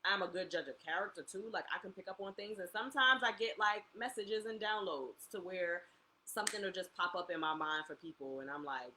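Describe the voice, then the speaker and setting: A young woman co-hosting a casual home talk show, telling stories in an animated way and acting out the people she quotes. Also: on the low side, brisk, a little hiss or hum, low-quality recording. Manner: animated storyteller, acts out quotes. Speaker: podcast co-host. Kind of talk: casual chat.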